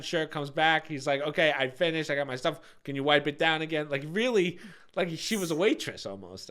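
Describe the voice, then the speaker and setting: Bright-voiced man telling a rambling story. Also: a little high, a little fast. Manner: rambling storyteller, laughs often. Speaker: podcast co-host. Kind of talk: casual chat.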